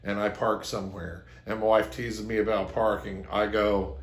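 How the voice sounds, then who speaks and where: A man's voice: on the low side, normal speed, hardly any pauses. Earnest man giving relationship advice, roomy sound. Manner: earnest, anecdotal, acts out quoted lines. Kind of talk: advice monologue to camera.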